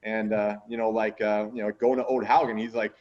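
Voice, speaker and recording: Low-voiced, rambling man on dull audio. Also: little pitch movement, a little fast, darkish tone. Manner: rambling, many fillers, swears freely. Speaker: podcast host and strongman coach. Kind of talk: casual interview chat. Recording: dull lo-fi sound.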